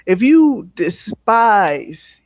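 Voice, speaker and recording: A woman's voice: mid-range voice, sing-song, darkish tone. A woman co-hosting a podcast, playful and teasing in casual chat over a video call. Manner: playful, teasing, quick laughs. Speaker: podcast co-host.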